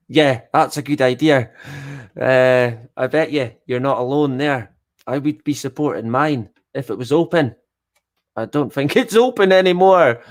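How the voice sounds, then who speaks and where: A middle-aged Scottish man chatting casually on a live stream, swearing freely and joking at his own expense. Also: medium pitch. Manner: swears a lot, chatty and self-deprecating.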